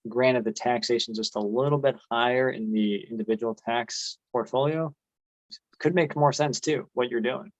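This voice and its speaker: A man's voice: mid-range voice, normal speed, no room sound, rough recording. A man co-hosting a casual investing chat, friendly and chatty. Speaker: co-host.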